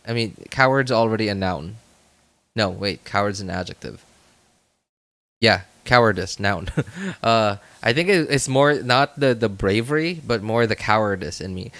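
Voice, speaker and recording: A man's voice: lowish voice, fairly bright tone, dry recording. A man streaming a video game, chatting casually and rambling, with frequent self-corrections and laughs. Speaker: gaming streamer. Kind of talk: casual gameplay commentary.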